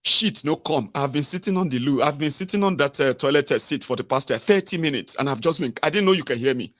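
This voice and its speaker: A man's voice: fairly high pitch, expressive, quick pace, a bit bright, no echo. A man plays a Nigerian father who has broken down in self-pity. He rambles, repeats himself and trails off. The voice stays close to the man's own. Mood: distraught. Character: distraught father crying over school fees.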